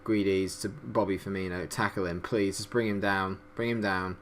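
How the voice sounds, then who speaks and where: A young man commentating on his own management game, excitable and quick to swear in frustration. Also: deep voice, a little hiss or hum. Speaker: gaming YouTuber. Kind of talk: let's-play commentary.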